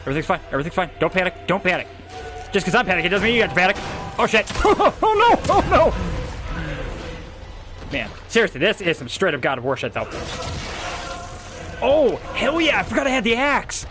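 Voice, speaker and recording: High, excitable man playing a horror game. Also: fast talker. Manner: excitable, panicky and profane. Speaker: gameplay streamer. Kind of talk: let's-play commentary. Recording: gameplay audio with game music behind.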